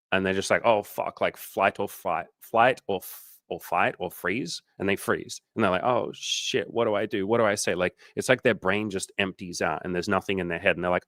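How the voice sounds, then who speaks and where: A man's voice: sits low, fairly bright tone, dry recording. A man talking as a dating coach in a casual livestream chat. He swears freely, speaks candidly, and acts out the people he quotes in exaggerated voices.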